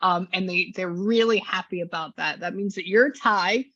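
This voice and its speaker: A woman's voice: lowish voice, moderate pace, fairly bright tone, dry recording, muffled recording. A woman working as a psychic medium, talking casually and gushingly through a reading, with many restarts. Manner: chatty, gushing, restarts often.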